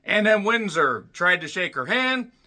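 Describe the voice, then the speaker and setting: A man reviewing a wrestling show in a profane, angry rant that swings between yelling and muttering. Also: sits high, big pitch swings, measured pace.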